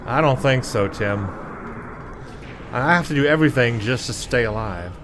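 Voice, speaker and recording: A man narrating his gameplay as a let's play host, musing over his troubles in an exasperated, self-deprecating way. His pitch sits in the middle, and faint noise hums behind him. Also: expressive, normal speed, a bit bright. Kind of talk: gameplay commentary.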